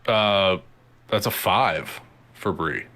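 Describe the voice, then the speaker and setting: A man playing a tabletop game as a player, laughing often and getting excited about dice rolls. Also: low-pitched, extremely slow.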